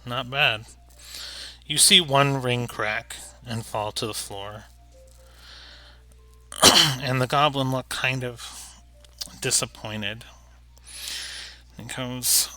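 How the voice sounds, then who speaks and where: A man running a tabletop game as game master, unhurried and full of ums. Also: mid-range voice, fairly even intonation, pushed and bright.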